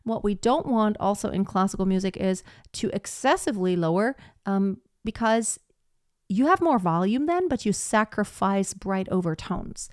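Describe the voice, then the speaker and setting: Woman, voice teacher, live singing lesson, explains then sings examples, mid pitch, dry close mic. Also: lively intonation, normal speed, darkish tone, no room sound. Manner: explains and demonstrates with sung examples.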